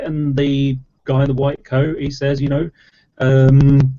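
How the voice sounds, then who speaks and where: A man's voice: medium pitch, monotone, normal speed, mellow. A man explaining at length in casual chat, rambling with lots of fillers and restarts. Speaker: debater in an online chat. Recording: dull lo-fi audio.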